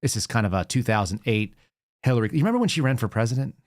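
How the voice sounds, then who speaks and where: A man's voice: mid-range voice, expressive, very fast, no room sound. A man in his forties hosting a political commentary show, sarcastic and rambling, talking casually from a studio. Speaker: show host.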